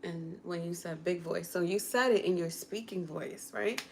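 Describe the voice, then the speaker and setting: A woman chatting casually on a livestream from her kitchen while cooking, coaching viewers step by step through a quick singing lesson in an encouraging way. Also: on the low side, vocal fry, a little mellow, slight background noise. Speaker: content creator and vocal coach.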